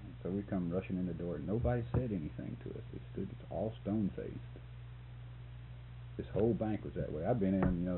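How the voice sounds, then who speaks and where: A man telling a story about a photography job in a recorded interview, often laughing as he talks. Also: sits low. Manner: laughs often, animated when telling the punchline. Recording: tinny lo-fi tape with hum.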